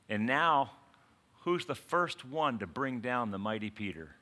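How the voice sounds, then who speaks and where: A man preaching a sermon in an animated way, acting out quotes and asking the congregation questions. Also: mid-range voice, measured pace. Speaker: pastor.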